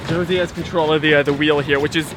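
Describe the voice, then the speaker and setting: A woman's voice: sits low, fairly even intonation, quick pace. A young woman hosting a casual vlog, playful and teasing as she commentates from a small boat on a lake. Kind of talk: casual outdoor chat. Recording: outdoor noise from wind and boat.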